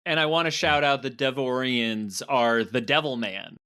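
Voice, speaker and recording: A man's voice: medium pitch, normal speed, pushed and bright, clean tone, dry recording, clean studio sound. A man co-hosting a podcast, talking through ideas thoughtfully and analytically in a casual chat. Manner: thoughtful, analytical, laughs easily. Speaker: podcast co-host.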